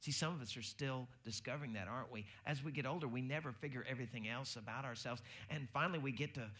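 Speaking fast in a mid-range voice, a pastor who has a baby on the way preaches through everyday anecdotes. He brings them to life animatedly, voicing each quoted character.

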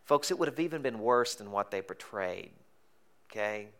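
Bright-voiced, joking male pastor. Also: lowish voice, animated, moderate pace. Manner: conversational and joking, dropping to a hushed intensity. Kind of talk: sermon.

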